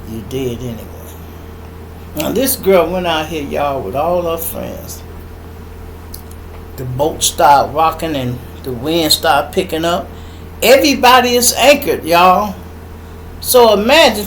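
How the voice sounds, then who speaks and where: A middle-aged man with a Chicago accent hosting a podcast, telling a story in an animated, profane monologue and acting out voices and sound effects. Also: high voice, a little hiss or hum, poor audio. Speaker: podcast host.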